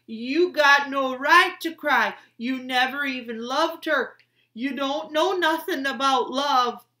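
A woman voicing a heartbroken, fiercely protective young boy in a storybook reading, pleading and shouting with raw emotion. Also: lowish voice, steady tone, slow, husky, heavily acted. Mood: furious shouting. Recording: roomy echo.

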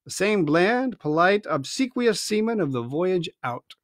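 A man reading a classic adventure novel aloud with expressive storytelling. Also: high-pitched, measured pace, no echo. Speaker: reader.

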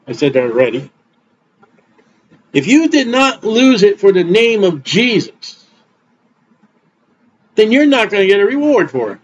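A middle-aged man preaching an informal, rambling sermon in a blunt, conversational way. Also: high voice. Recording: dull lo-fi recording.

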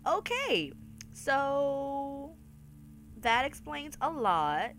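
A woman's voice: high voice, sing-song, drawn-out words, slight background noise. A woman hosting a horror game let's-play, swearing and crying out in fright while talking to her viewers. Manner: jumpy, swearing, loud frightened outbursts; talks to viewers as y'all. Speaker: gaming video host.

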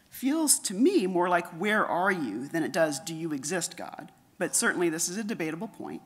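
A middle-aged woman giving a conference lecture, reading her paper in a measured way and dropping softer for quotations. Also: lowish voice, animated, slightly rough. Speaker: conference speaker.

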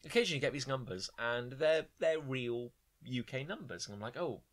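A man's voice: mid-range voice, a little fast. A man co-hosting a podcast, telling rambling stories and acting out quotes in casual chat. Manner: rambling, animated storytelling with acted-out quotes. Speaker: podcast co-host.

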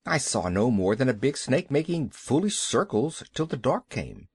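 A man's voice: mid-range voice, very animated, normal speed, slightly rough, no echo, studio quality. A man voicing a young boy in a children's audiobook, his voice raised to sound boyish. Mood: puzzled. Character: young boy raised by wolves, curious and impulsive. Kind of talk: audiobook character voice.

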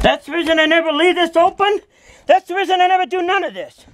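Agitated high-voiced woman swearing in her car. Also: fast talker, slight background noise. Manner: agitated, swearing, repeating herself. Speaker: vlogger filming from her car. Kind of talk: upset self-filmed dash cam vlog. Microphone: dash cam in a car.

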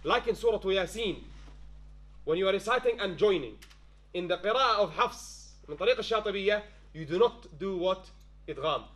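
High-voiced man teaching a class. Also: expressive, a little fast, fairly bright tone. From London-based. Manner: quizzing the class with frequent "yes?" checks, mixing in Arabic phrases. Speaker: tajweed teacher. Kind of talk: classroom lesson.

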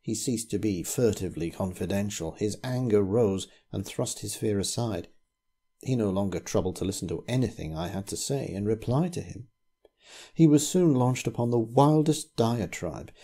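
Man narrating a spooky tale, slow and grave, husky low voice. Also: expressive, mellow. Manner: measured, grave storytelling. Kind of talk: scripted ghost story reading.

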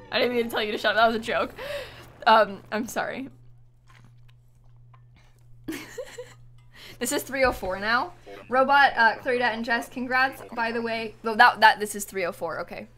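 A woman's voice: fairly high pitch, unhurried, long pauses, pushed and bright, faint music behind. A young woman chatting on a live stream while gaming, giggly and apologetic, thanking viewers as she plays.

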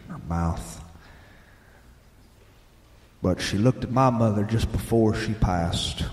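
A man, telling plainspoken, gently humorous stories live on a theater stage. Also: lowish voice. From Southern United States. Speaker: storyteller and radio host. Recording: echoey live theater with long reverb.

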